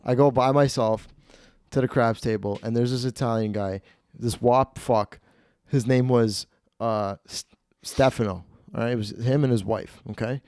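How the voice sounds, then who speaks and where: A man's voice: medium pitch, steady tone, normal speed, darkish tone, no room sound, studio quality. A man hosting a podcast, telling a rambling, profane comedy story. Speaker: podcast host.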